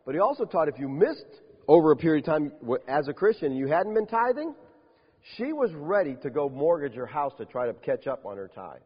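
Animated preacher in an echoing hall. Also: male voice, a little high, brisk, husky. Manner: animated, emphatic preaching with rhetorical questions. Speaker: pastor. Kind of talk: sermon. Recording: dull lo-fi sound with long hall reverb.

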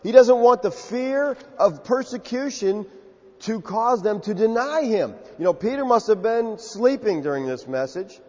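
Husky-voiced preacher in an echoey hall. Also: male voice, high-pitched, animated, measured pace, a little mellow, highs cut off. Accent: Southern US. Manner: emphatic, acts out quotes in character. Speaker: pastor. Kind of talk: sermon.

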